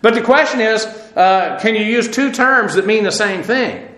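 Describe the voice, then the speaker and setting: Male Bible teacher, conversational and digressive, bright tone, reverberant room. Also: sits high, animated, normal speed. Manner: conversational and digressive, with many fillers and restarts. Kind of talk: verse-by-verse Bible teaching with Greek word study.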